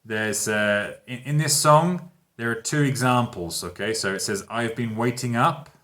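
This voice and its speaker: A man, teaching a grammar lesson in a relaxed, patient way and often checking in with his students. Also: medium pitch, unhurried. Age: 30s. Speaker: English teacher. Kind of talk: casual online grammar lesson.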